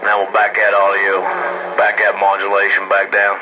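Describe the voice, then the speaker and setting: A man's voice: on the low side, monotone, moderate pace. A man on CB radio, laid-back, with slangy radio lingo and lots of fillers. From Ohio, US. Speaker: CB radio operator. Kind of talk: casual radio chat. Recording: muffled radio transmission with static.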